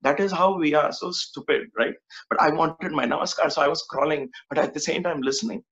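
A man's voice: on the high side, brisk, fairly bright tone. A man telling a spiritual story in an earnest, musing way, repeating words for emphasis. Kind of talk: reflective storytelling talk. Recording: dull lo-fi recording.

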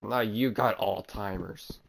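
Low gravelly man streaming a game. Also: slow. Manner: rambling, talks back to the game teasingly. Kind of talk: casual gameplay commentary.

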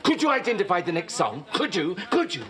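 A pompous, fussy older boss. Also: male voice, sits high, a little fast, exaggerated voice. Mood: eager. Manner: pompous, prim, squeals when excited. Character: fussy, stern, eccentric older male boss. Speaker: wealthy boss. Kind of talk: sitcom acting. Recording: music and laugh track behind.

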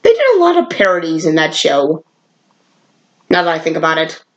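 A woman's voice: sits low, wildly swooping pitch, normal speed, lo-fi sound. Rambling casual woman vlogger. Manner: rambling, with frequent self-corrections. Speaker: vlogger reviewing old cartoons. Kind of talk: casual unscripted review.

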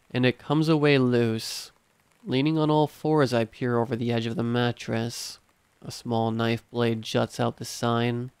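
A man reading horror stories aloud in measured, steady scripted narration. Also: medium pitch, creaky, smooth, no echo.

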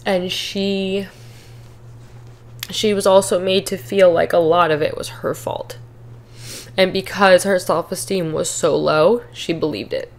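A woman's voice: on the low side, fairly even intonation, measured pace, vocal fry. A young woman hosting a podcast, candidly telling her personal faith testimony, emotional and on the verge of tears. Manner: candid, earnest, emotional at times. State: tearful. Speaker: podcast host.

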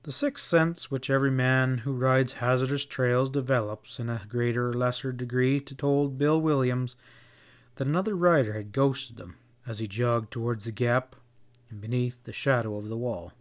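A man narrates a western novel as an audiobook in a steady, measured way. His voice sits at a middle pitch for a man.

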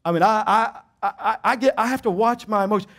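High-voiced pastor telling a story. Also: male voice, fast. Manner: animated, emphatic, self-deprecating humor. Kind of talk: sermon storytelling.

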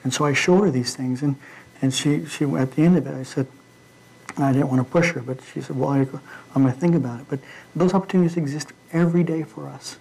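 A man preaching an informal midweek sermon in a church, talking in a halting way with frequent fillers and restarts. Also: a little high, vocal fry, a little mellow, slightly rough, poor audio.

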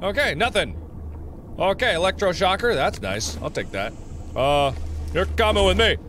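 An animated man jokes and laughs through casual gameplay commentary. His pitch sits a little high and swings widely, with faint noise underneath. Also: moderate pace. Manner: animated, jokey, laughs often. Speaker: let's-play host.

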